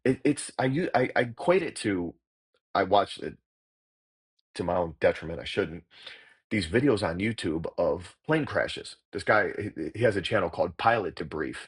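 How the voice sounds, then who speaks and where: Middle-aged male actor-coach, deep husky voice, blunt and salty, explaining his craft. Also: animated, moderate pace. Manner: blunt, profane, emphatic. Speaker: actor and acting coach, guest. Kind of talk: casual interview talk.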